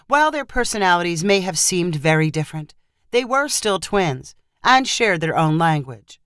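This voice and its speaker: A woman narrating a storybook in an expressive, animated reading style. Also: on the low side, moderate pace, smooth, dry recording, studio quality.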